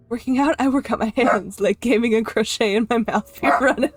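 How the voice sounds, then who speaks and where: Giggly high-voiced young woman streamer. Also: brisk, few pauses, soft background music. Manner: chatty and giggly, coos at her dog. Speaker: livestreamer. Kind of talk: casual stream chat. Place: her room at home.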